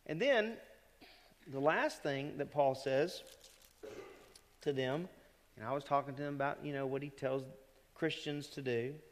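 A man's voice: fairly high pitch, measured pace, long pauses. A male pastor delivering a conversational sermon in a church, often asking the congregation questions. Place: church sanctuary. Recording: church hall reverb.

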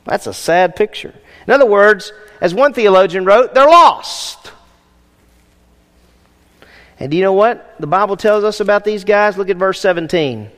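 Man, senior pastor, sermon, conversational with rhetorical questions, fairly high voice, echoing hall. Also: fairly quick.

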